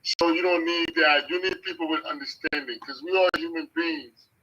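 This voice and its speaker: A man's voice: on the high side, steady tone, moderate pace, pushed and bright, muffled recording, slight background noise. A man talking as a guest on a live show, earnest and motivational, repeating his points.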